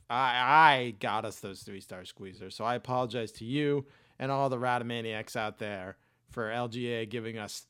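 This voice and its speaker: A man's voice: medium pitch, smooth. A man hosting a podcast in casual chat, rambling and poking fun at himself. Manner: rambling, self-mocking, bursts into loud voices. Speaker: podcast host.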